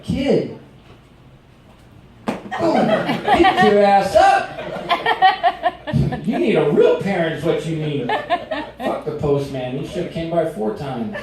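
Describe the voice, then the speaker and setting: A middle-aged man doing a stand-up comedy set in a restaurant, telling stories in an animated way and acting out shouted quotes. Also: a little high. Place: restaurant performance space. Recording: very echoey room recorded from a distance.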